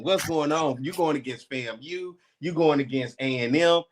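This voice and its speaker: A man co-hosting a sports talk show, talking in animated, excitable casual banter. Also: a little high, moderate pace, hardly any pauses.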